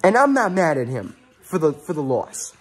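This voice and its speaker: A man's voice: fairly high pitch, very animated, moderate pace, breathy edge, soft background music. A man hosting his own sports fan channel, ranting angrily after a game and repeating himself for emphasis. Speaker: sports fan vlog host.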